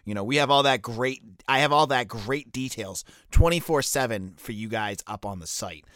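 A man with a Boston accent talks through football recruiting news in a loose, chatty way, full of "um"s and restarts. His pitch swings a lot as he goes, and the recording is close and dry with no room sound. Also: expressive, normal speed, a bit bright, dry recording. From Boston area. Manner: conversational, many fillers and restarts. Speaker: college football recruiting analyst. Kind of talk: casual solo commentary.

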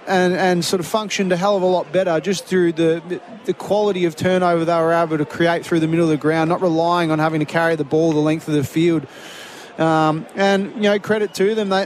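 An Australian man giving rambling, halting post-match football analysis on radio. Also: high voice, a little hiss or hum.

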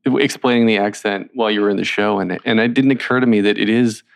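A man conducting a conversational interview, asking curious, quick follow-up questions. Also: fairly low pitch, steady tone, creaky.

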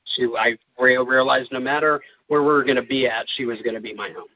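A man speaking in an interview, talking in a halting, heartfelt way with many fillers. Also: mid-range voice, fairly even intonation, no echo, highs cut off. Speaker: guest, caregiver. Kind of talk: candid interview talk.

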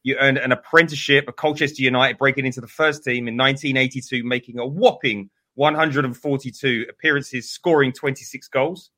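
A man hosting a football podcast, introducing his guest in a casual, halting way with frequent filler sounds. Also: mid-range voice, steady tone, sharp tone. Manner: reads guest's career summary with frequent "uh"s. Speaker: podcast host.

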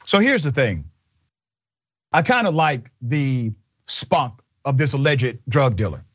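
A man's voice: mid-range voice, very animated, takes it slowly, fairly bright tone, slightly rough, no room sound. A man hosting a commentary show, talking in an emphatic, indignant way and leaning on rhetorical questions. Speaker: show host. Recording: dull dry sound.

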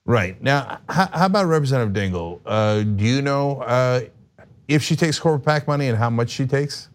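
Guy hosting an interview, wry and pointed, middle-pitched voice. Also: expressive, moderate pace. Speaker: show host. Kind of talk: casual interview.

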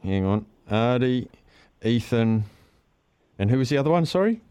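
A man's voice: mid-range voice, expressive, moderate pace, warm tone, slight background noise. A man with a New Zealand accent hosting casual sports talkback radio, laid-back and jokey as he reads out listener entries. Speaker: radio host. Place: radio studio.

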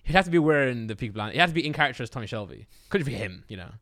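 A young man chatting casually as a podcast co-host, rushing through his words at a quick pace. He rambles, hesitates and repeats himself a lot. His voice is recorded dry and close. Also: mid-range voice, big pitch swings, a bit bright, dry recording. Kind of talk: casual chat among friends.

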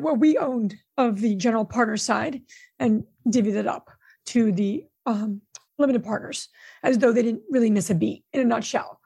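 A woman's voice: a little high, moderate pace, vocal fry, mellow, husky, no room sound, clean studio sound. A middle-aged woman and podcast co-host, candidly telling a story in a casual conversation. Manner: candid, storytelling, emotional at times. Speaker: co-host, real estate investor.

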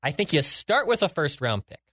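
A man's voice: a little high, sing-song, fairly quick, a bit bright, dry recording, clean studio sound. A man co-hosting a sports podcast, confident and jokey, backing his picks with stats. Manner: confident, jokey, stat-heavy. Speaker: podcast co-host. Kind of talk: casual sports chat.

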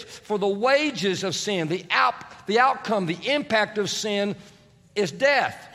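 A male pastor preaching a sermon in a relaxed, conversational way, leading the congregation in prayer. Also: high-pitched, in a large hall. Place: large church sanctuary.

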